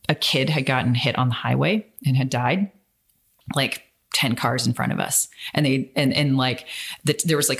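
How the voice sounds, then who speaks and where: A woman co-hosting a podcast, chatting casually and rambling with lots of fillers and restarts. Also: a bass voice. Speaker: podcast co-host.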